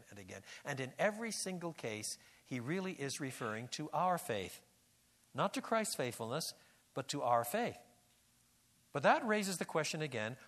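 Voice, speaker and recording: A man's voice: fairly high pitch, a bit bright. A man giving an expository Bible lecture, repeating and restarting words and rising to emphatic peaks. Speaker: Bible teacher.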